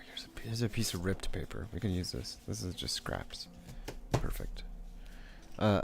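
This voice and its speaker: A young man with a low, gravelly voice talks casually while he paints live at home. His manner is laid-back and rambling, full of swearing and easy laughter, with a faint hum of the room behind him. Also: darkish tone. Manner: laid-back, swears often, laughs a lot, many fillers.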